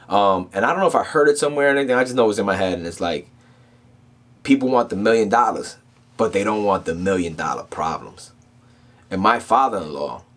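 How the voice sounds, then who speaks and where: A man hosting a casual motivational talk, telling stories in a loose, streetwise way and often checking in with "right?". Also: fairly low pitch. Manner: streetwise, animated storytelling with frequent "right?". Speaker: motivational podcast host.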